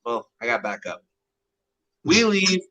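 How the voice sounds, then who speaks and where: A man's voice: fairly high pitch, sing-song, measured pace, bright, forceful tone, poor audio. A man telling a rambling story in casual, profane chat, blunt and full of swearing.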